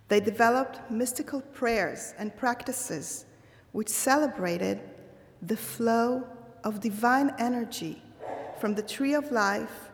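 A woman delivers a reflective holiday sermon at an unhurried pace. Her fairly high voice carries a gravelly fry. A long reverb trails her words. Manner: slow, measured, thoughtful delivery. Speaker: religious speaker.

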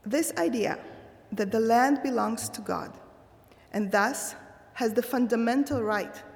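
A woman giving a slow, measured and thoughtful holiday sermon. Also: fairly high pitch, gravelly, in a large hall. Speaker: religious speaker.

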